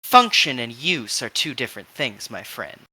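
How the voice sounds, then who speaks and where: A man's voice: mid-range voice, sing-song, moderate pace, bright, forceful tone, breathy edge, no echo, exaggerated voice. A man voicing a sleek, stylish woman fashion dealer who talks in a haughty drawl.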